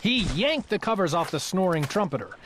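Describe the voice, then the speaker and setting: A woman reading a children's picture book aloud in a lively, expressive storytelling manner. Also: on the low side, brisk, slight background noise. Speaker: storybook reader.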